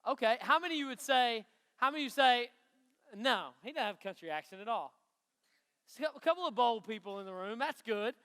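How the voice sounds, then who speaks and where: A man's voice: very high voice, animated, a little fast, sharp tone, clean tone. A man from Knoxville, Tennessee, with an East Tennessee country accent, giving a chatty, folksy youth sermon and asking the crowd questions. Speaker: youth pastor. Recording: long hall reverb.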